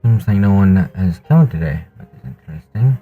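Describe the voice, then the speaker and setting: A man chatting on his stream while still out of breath, halting and trailing off between sighs. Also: deep voice, expressive, breathy edge, narrow, tinny audio. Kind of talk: casual stream chat.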